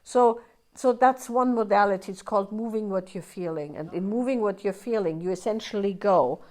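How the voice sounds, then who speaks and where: In a live workshop, a woman talks conversationally at a moderate pace, her voice mid-range and somewhat dark. She often checks in with "right?" and slips into quoted asides that act out inner voices.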